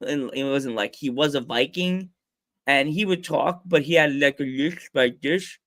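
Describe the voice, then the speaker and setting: A man in his forties hosts a casual podcast with a fairly high voice. He jokes and laughs often. The sound is dry and close. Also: unhurried, fairly bright tone, no room sound. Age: 40s. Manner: jokey, laughs often, does goofy voices in anecdotes. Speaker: podcast host.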